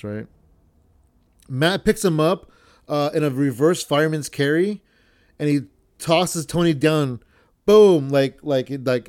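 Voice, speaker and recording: A man's voice: mid-range voice, a little mellow. A man hosting a podcast, recapping a match in a rambling, profane, self-correcting way. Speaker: podcast host.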